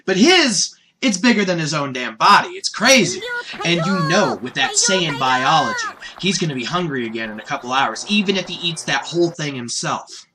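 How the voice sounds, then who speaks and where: Brief: lively, bright-voiced man, casual jokey cartoon reviewer, pitch jumping around. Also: normal speed, a little hiss or hum. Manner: animated, jokey, laughs at his own asides. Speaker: anime reviewer.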